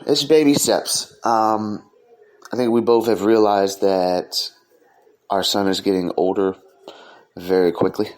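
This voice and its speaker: A man hosting his own podcast, talking earnestly in a loose, casual way with frequent "um" fillers. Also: lowish voice. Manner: earnest, sincere delivery. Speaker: podcast host. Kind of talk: casual solo podcast monologue.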